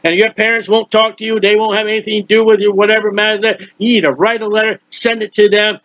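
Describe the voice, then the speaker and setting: A man's voice: sits high, level tone, fast talker, a bit bright, no room sound. An older man preaching a sermon, earnest and folksy, rambling and acting out prayers as he goes. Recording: dull, lo-fi recording.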